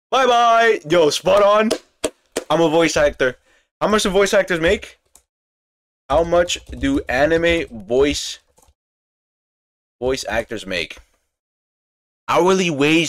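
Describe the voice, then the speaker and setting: Excitable young man streaming with slang. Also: fairly high pitch, slow, long pauses. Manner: excitable, slangy, laughs often. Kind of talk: casual reaction stream chat.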